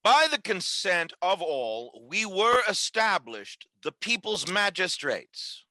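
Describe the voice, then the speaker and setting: A man's voice: high voice, big pitch swings, slow, sharp tone, dry recording, full character voice. A man playing a stern commanding tribune. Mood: firm. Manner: commanding, declamatory. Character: stern Roman tribune calling for arrest. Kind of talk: stage play reading.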